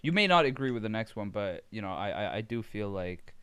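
A man in a casual chat, lively and quick when worked up. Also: lowish voice, clear, resonant tone, no room sound.

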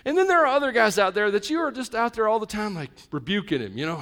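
A male pastor preaching to a live congregation, conversational with joking asides, swinging between loud emphatic lines and quiet intimate ones. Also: high-pitched, expressive, fast talker, hardly any pauses. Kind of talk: sermon.

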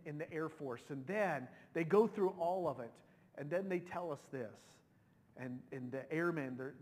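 Middle-aged preacher guy telling a story, kinda high voice, lots of restarts, gets emotional, big echoey church hall. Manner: emotional, conversational with many restarts. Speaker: pastor. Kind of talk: sermon storytelling. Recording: long hall reverb.

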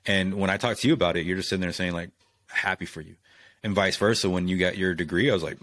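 A man with a lowish voice rattles off his thoughts fast and profanely in casual conversation. The sound is dry and close, with no room around it. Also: no room sound. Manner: fast, profane, animated rant. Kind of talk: casual chat.

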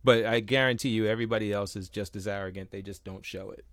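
A young man co-hosting a casual podcast, telling stories with animated quoted voices and casual swearing. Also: lowish voice, quick pace, dry recording. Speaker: podcast co-host.

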